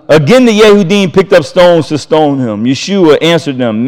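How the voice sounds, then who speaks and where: Reading passages of scripture in his sermon, this male Bible teacher adds emphatic, casual commentary, chuckling between points and repeating his main phrases. He speaks at normal speed with few pauses, in a slightly high, a little mellow voice.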